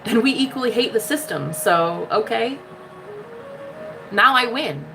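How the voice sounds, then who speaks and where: A woman's voice: fairly high pitch, animated, a little slow, poor audio. A woman delivering an impassioned spiritual monologue, sassy and emphatic, swearing often and calling the listener "honey". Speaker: spiritual love-reading vlogger. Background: music.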